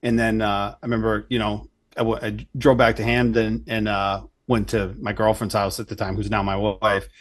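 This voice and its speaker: Male guest, easygoing talker, low-ish pitch, casual and a bit profane. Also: level tone, normal speed, few pauses. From Connecticut. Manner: loose and easygoing, swears casually, many fillers. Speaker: tattoo artist guest. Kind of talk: casual chat.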